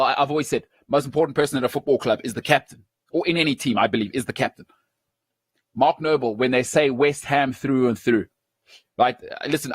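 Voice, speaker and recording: Opinionated South African sports host. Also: male voice, mid-range voice, no room sound. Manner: animated, chatty, digressive, laughs at himself.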